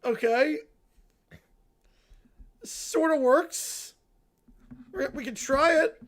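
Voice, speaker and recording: A woman hosting a livestream, giving excitable live reaction commentary full of exclamations. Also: high voice, drawn-out words. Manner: animated, excitable, breaks into exclamations. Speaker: livestream host.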